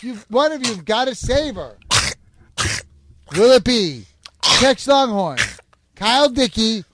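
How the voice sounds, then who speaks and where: A man's voice: very high voice, animated, slow pace, a bit bright, dry recording. Man hosting a mock dating show. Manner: announcing, coaxing. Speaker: host.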